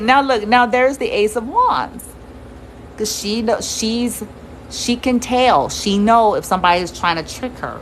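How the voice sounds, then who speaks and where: A woman's voice: on the high side, unhurried, a little hiss or hum, poor audio. Blunt, swearing woman reading tarot. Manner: blunt, swears freely, laughs often. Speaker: tarot reader. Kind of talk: casual tarot reading to viewers.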